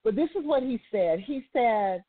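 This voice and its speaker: A woman's voice: on the high side, animated, moderate pace. Woman talk-radio host on a tinny line. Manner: conversational and preachy, retelling a story with asides. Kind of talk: motivational talk radio monologue.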